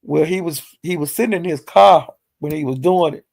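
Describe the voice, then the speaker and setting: A man with a high, gravelly voice tells a gossipy recap of a livestream in loose, slangy talk. He is animated and breaks into laughter often. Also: normal speed. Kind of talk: casual storytelling recap.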